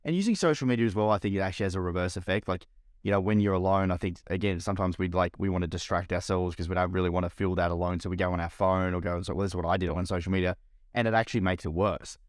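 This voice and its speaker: A man's voice: deep voice, rapid-fire, no room sound, clean studio sound. A young Australian man co-hosting a podcast, chatting casually and rambling with lots of "like" and swearing. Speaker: podcast co-host. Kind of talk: casual chat.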